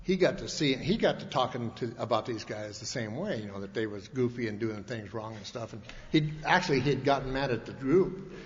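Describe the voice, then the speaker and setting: Rambling man in an echoing hall. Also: mid-range voice. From Montana, USA. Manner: folksy and rambling, full of restarts and colloquial grammar. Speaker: speaker at a recovery convention. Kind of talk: personal recovery story told to an audience. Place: large convention hall. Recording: long hall reverb, dull lo-fi archival tape, faint hiss.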